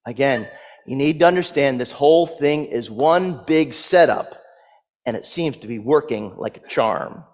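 A man's voice: mid-range voice, lively intonation, measured pace, a little mellow, in a large hall. A man preaching a sermon, telling the story vividly and dramatically with touches of humor.

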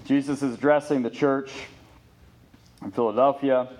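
A male pastor delivering a sermon in an earnest, emphatic way. His voice sits at an ordinary middle pitch. He builds his points with lists and rhetorical questions. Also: steady tone, normal speed, a little mellow.

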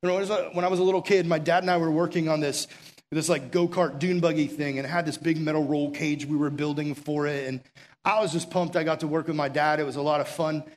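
A young man delivering a sermon in a slightly high voice. He pleads earnestly and urgently, then slips into relaxed storytelling full of filler words, sometimes dropping to a quiet, intimate tone. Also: fast. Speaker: pastor.

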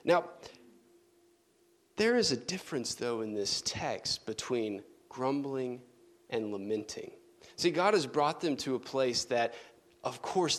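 Man, sermon, earnest, soft low emphasis, medium pitch. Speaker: preacher.

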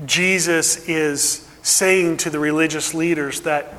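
A male pastor preaching a sermon earnestly, dropping to a hush and then building with emphasis. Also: a little high, steady tone, slow, few pauses, in a large hall.

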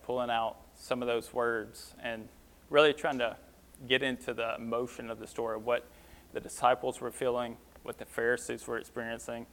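A male pastor teaching from scripture in an easygoing, conversational manner. His voice sits at an ordinary middle pitch, and he talks plainly with a few fillers. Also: a bit bright. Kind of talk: sermon teaching.

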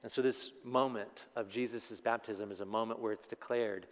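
A man's voice: fairly low pitch, steady tone. Man preaching in a reverberant hall. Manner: swells loud and slow at climaxes, call-and-response with the congregation. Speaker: pastor. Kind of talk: sermon.

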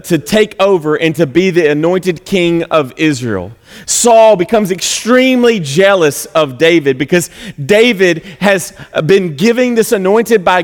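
Man preaching in a reverberant church. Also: high-pitched. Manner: conversational, sarcastic, animated preaching. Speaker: pastor. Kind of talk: sermon. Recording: long hall reverb.

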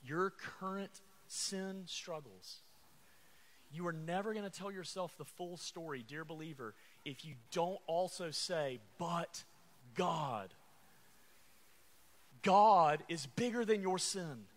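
A man's voice: sits high, unhurried. A man preaching a sermon, calling out to the congregation and repeating refrains. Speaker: pastor.

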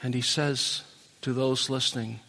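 A man's voice: medium pitch, steady tone, measured pace, gravelly. A man preaching a sermon as pastor, pleading earnestly with his listeners in a church worship center. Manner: pleading, rising to impassioned appeals then dropping soft. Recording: long reverb of a large hall.

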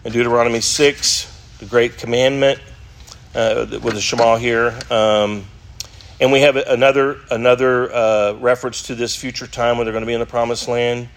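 A man's voice: mid-range voice, level tone, moderate pace. A middle-aged man teaching an adult Sunday school class, reading scripture passages aloud and asking his listeners rhetorical questions. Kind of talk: Bible class lecture.

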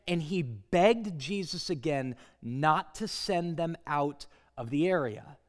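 A male guest preacher, likely in his thirties or forties, giving a dramatic sermon in a church that swings from hushed lines to loud ones. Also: fairly high pitch, animated, takes it slowly. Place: church sanctuary. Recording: long hall reverb.

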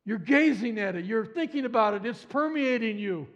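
A man preaching a sermon with passion, swinging from hushed repetition to excited exclamation. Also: sits high, normal speed, gravelly, highs cut off. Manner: impassioned, swings from hushed to exclaiming, repeats phrases.

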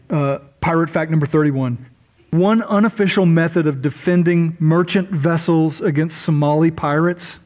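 A middle-aged man preaching from the pulpit, his voice sitting high for a man. He talks in a chatty, self-deprecating way, wandering into asides and saying sorry as he goes. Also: poor audio. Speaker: pastor. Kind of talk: sermon.

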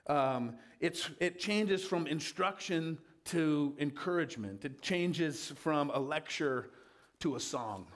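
A man's voice: on the high side, expressive, slow. A man preaching a sermon in a conversational way, with frequent fillers and restarts.

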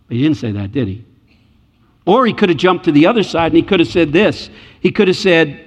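A man's voice: a little high, lively intonation, fast talker, lo-fi sound. A man preaching a sermon, emphatic and repeating key phrases for weight. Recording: echoey hall.

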